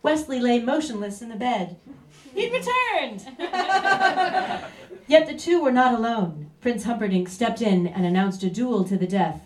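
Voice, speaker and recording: A woman narrates a comic story in a theatrical, playful way, with a fairly high voice. The sound is roomy and comes from a distant mic. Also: moderate pace, hardly any pauses, darkish tone. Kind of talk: comic live story reading.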